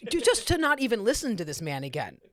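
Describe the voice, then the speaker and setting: A woman host talks politics in a casual, exasperated way, her sentences tumbling and restarting. Her pitch swings widely and lively. The sound is dry and close, with no room around it. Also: no room sound. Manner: animated, exasperated, many restarts. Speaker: podcast host. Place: comedy club.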